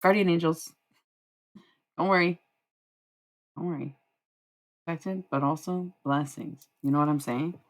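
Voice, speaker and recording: A woman's voice: low-pitched, unhurried, pauses often, low-quality recording. A woman live-streaming casual spiritual readings, rambling and swearing freely as she answers chat.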